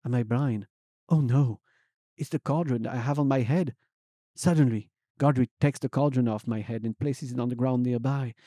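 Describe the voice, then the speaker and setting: A young man streamer reading fan fiction aloud as a comic dramatic reading, swinging between hushed and loud. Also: medium pitch, brisk, no room sound, studio quality.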